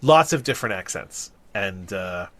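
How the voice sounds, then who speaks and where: A man's voice: sits low, animated, normal speed, fairly bright tone. A middle-aged man from New Jersey, co-hosting a podcast in casual, rambling chat, often restarting sentences and laughing. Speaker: podcast co-host.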